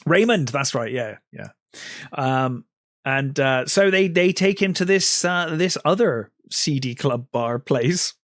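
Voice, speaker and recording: A man's voice: medium pitch, lively intonation, slow pace, fairly bright tone, no room sound, studio quality. A man co-hosting a film podcast, casually retelling scenes with lots of fillers. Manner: retells scenes with acted quotes, many fillers. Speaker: podcast co-host.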